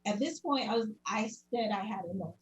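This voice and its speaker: Adult woman, public commenter, earnest first-person testimony, middle pitch. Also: animated, moderate pace, low-quality recording. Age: adult parent. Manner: earnest, recounting events in detail with many quotes.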